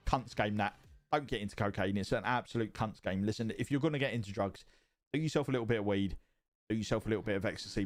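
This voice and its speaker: Sweary man chatting on stream. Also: fairly low pitch. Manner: rambling, sweary, repeats himself. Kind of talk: casual livestream chat reading viewer messages. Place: home streaming setup.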